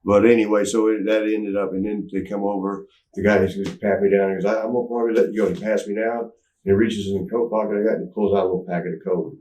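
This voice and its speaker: A man's voice: lowish voice, flat delivery, fast talker, darkish tone. A man telling a candid story in an interview, rambling with restarts and acting out what people said. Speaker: interview guest. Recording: roomy, mic at some distance.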